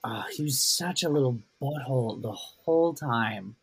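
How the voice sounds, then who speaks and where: A podcast co-host in casual chat, animated and swearing, with big reactions. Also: mid-range voice, moderate pace, slightly rough, no echo.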